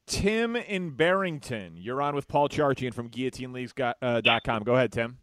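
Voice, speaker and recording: A man's voice: medium pitch, no room sound. A male sports radio host taking calls and chatting casually about football stats. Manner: relaxed, chatty, quick stat asides. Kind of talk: call-in radio talk.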